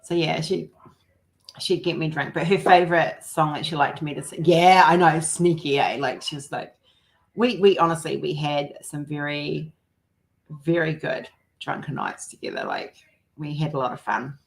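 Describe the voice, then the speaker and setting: Low gravelly New Zealand woman. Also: big pitch swings, moderate pace. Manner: rambling, laughs often. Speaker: livestream host. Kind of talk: casual chat.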